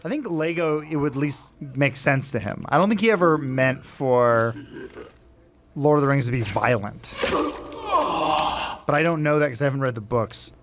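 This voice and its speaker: Rambling higher-voiced man gaming. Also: very animated, a little slow, long pauses, background noise. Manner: rambling, trips over own words. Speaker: gaming group member. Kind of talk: casual banter while gaming.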